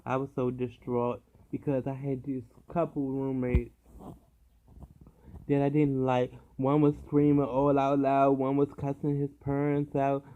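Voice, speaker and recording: A man casually telling a story about his time in hospital, animated and full of profanity. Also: medium pitch, phone-quality sound. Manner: animated, profane, dramatic retelling.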